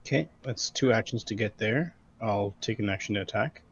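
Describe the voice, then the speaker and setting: A man's voice: lowish voice, brisk, breathy edge, lo-fi sound. A man playing a tabletop game, hesitant and thinking aloud over his turn. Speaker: player. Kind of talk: casual tabletop game play.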